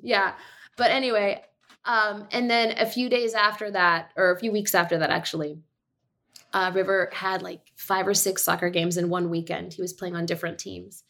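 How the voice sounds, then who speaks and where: A woman in her thirties tells a family anecdote as a podcast guest. She is animated and acts out the voices she quotes, and her voice sits at a middle pitch. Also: moderate pace, creaky. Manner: animated storyteller, acts out quotes, laughs easily. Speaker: podcast guest, actor and director. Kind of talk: casual storytelling chat.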